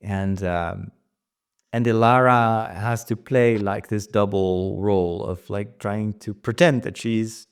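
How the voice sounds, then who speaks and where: A man's voice: lowish voice, steady tone, takes it slowly, smooth. A man hosting a casual writing vlog, thinking aloud about his story plans with frequent restarts. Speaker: writer and vlog host.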